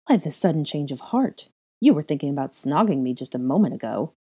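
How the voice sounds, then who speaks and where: A woman's voice: low voice, animated, fairly quick, dark tone, slightly rough. A woman voicing a cold, mocking young man who sneers and purrs menacingly in a storybook reading. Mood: sneering.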